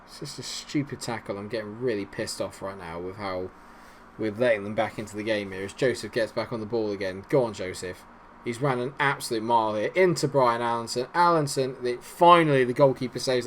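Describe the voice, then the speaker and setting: A man giving casual, animated commentary on a football management game, swinging between cheering and grumbling. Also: mid-range voice, slight background noise. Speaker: gaming YouTuber.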